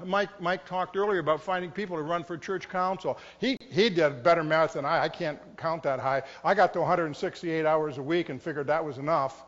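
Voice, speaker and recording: In a church sanctuary, a middle-aged man with a highish, fairly bright voice preaches in a casual, self-deprecating way, playing out the inner thoughts of his congregation. Long reverb and a dull tone mark the recording.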